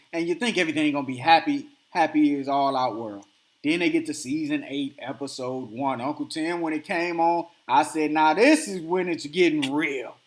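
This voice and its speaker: A man hosting a podcast, telling a story in casual chat and acting out the quotes with animated energy. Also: a little high. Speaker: podcast host.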